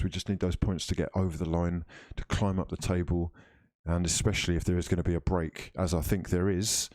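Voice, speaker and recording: Male streamer, lowish voice, dry mic, banters casually with his viewers. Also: a little mellow, no echo. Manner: chatty and playful, calls viewers fraudulent friends. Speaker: football livestream host. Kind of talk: casual livestream chat reading comments.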